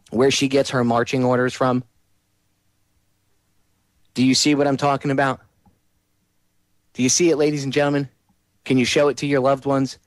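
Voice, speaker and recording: A man's voice: medium pitch, dry recording. Talk radio host: man, mid voice, ranting and sarcastic, close dry mic.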